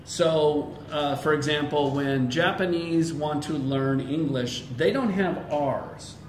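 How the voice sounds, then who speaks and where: A man's voice: a little high, takes it slowly, echoey room, slight background noise. A man with an American accent, an English teacher chatting casually and playfully in an interview. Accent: General American. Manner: lively, playful, imitates other accents. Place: language school in Bangladesh.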